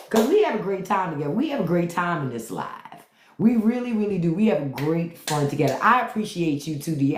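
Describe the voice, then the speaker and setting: The sound is roomy as a livestream host with a medium-pitched voice chats loosely with viewers, spinning profane stories punctuated by laughter and hums of disapproval.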